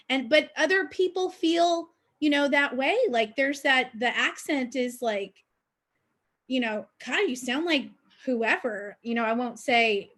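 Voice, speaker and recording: A woman's voice: sits high, fairly bright tone. A woman, a bilingual educator on an online panel, speaking reflectively and telling a personal story with frequent fillers. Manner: reflective, anecdotal, many fillers. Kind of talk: panel discussion. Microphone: video call.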